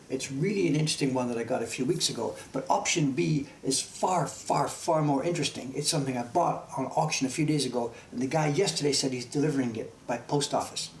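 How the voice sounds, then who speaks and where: A man's voice: a little high, gravelly. A man in his sixties with a Canadian accent carrying faint English traces, chatting casually and enthusiastically while streaming from his print workshop. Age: 60s. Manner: chatty, enthusiastic, easily amused. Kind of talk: casual live-stream chat. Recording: echoey room with background noise.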